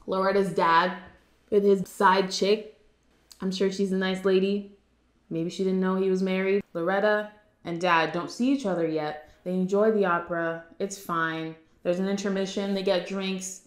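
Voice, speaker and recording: Woman talking thru a movie plot, lively, does little voices for the characters, kinda echoey room. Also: mid-range voice. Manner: animated, slips into quick impressions of characters. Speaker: movie recap youtuber. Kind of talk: casual movie recap. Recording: roomy echo.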